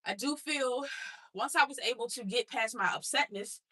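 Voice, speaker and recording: A woman's voice: on the high side, normal speed, sharp tone, slightly rough. An adult woman and mother telling her own story in a blunt, streetwise motivational talk, speaking straight to her listeners.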